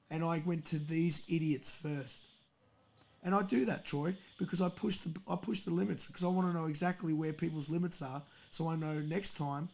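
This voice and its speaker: A man's voice: a little high, darkish tone. A young man hosting a podcast, telling a story in a heated, profane casual rant. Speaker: podcast host. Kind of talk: angry casual rant on a stream.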